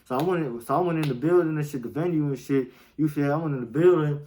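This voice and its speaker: A man's voice: a little high, fast talker, dark tone, slight background noise, poor audio. A young man, telling a story in casual, slang-heavy talk and often asking "you feel me.". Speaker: storytime vlogger.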